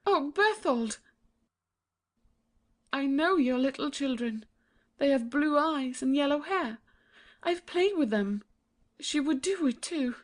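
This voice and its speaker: A woman playing a high, childlike young princess. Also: expressive, slow, pauses often. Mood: earnest. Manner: earnest, pleading, childlike. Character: young innocent princess, trusting and brave.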